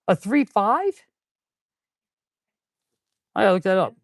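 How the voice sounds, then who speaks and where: A man's voice: high-pitched, very animated, slow, dry recording. A man who is a mechanic, chatting casually on a live stream while he works in an auto repair shop, laid-back and calling viewers "dude.". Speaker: auto mechanic and channel host.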